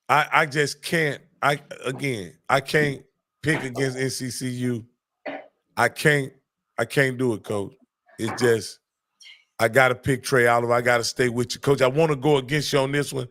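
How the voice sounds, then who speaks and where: A man hosting a casual sports picks chat, folksy and relaxed, calling his partner "Coach" again and again. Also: mid-range voice, unhurried, pauses often. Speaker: host.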